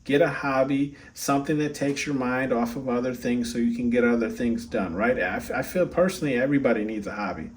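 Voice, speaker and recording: A man's voice: medium pitch, a little fast, few pauses, far from the mic. A man giving a casual oracle card reading, chatty, peppering his talk with "right?" and "okay?". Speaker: tarot reader.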